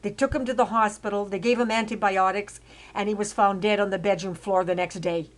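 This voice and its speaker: An older woman from Canada narrating her life story over photos in a rambling way, with many fillers and restarts, growing loud and emphatic as she gets indignant. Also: mid-range voice, fairly even intonation, brisk. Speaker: autobiographical storyteller.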